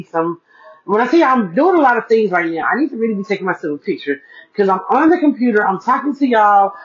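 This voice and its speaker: Woman, solo podcast host, easygoing repetitive chat, mid-pitched voice, muffled lo-fi mic. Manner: chatty, repeats herself for emphasis, addresses listeners as y'all. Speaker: podcast host, single mom. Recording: dull lo-fi recording.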